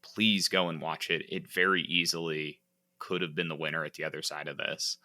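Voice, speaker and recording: A man co-hosting a casual podcast chat, speaking deliberately as he delivers the sign-off and plugs. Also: rumbling low, little pitch movement, bright, forceful tone. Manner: deliberate, wraps up the show with the outro. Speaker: podcast co-host.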